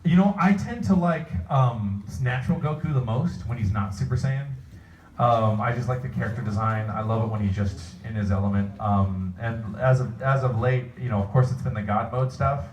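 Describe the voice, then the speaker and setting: A man's voice: mid-range voice, moderate pace, a little mellow. A man, a voice actor, chatting at a convention panel Q&A, rambling and restarting his sentences often. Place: convention hall. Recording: echoey hall, distant mic, faint room noise.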